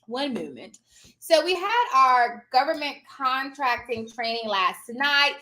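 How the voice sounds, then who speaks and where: Woman host, high and bouncy, hyper and playful, calls viewers darling, plays with a put-on posh accent. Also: sing-song, slow pace, pushed and bright. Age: adult with children. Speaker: host and notary business coach. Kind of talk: casual live-stream chat.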